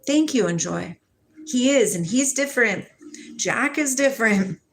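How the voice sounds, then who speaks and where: A woman in her forties from Washington state, USA, hosts a relaxed spiritual livestream, chatting with viewers and reading out their comments. She sounds soft and affectionate, laughs often, and speaks in a slightly high, expressive, unhurried voice.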